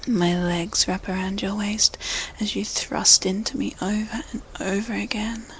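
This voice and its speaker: A woman in a whispered role-play, speaking entirely in an unvoiced whisper. Her delivery is slow and level, barely rising or falling, with a gravelly edge where the voice catches. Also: mid-range voice, a little hiss or hum, rough recording. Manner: slow, hushed, intimate first-person storytelling.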